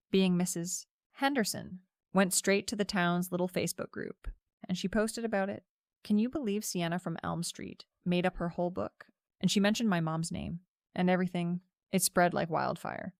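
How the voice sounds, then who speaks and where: A woman's voice: on the low side, no room sound, clean studio sound. A young woman narrating a first-person story in a casual, chatty way, with lots of "like" fillers.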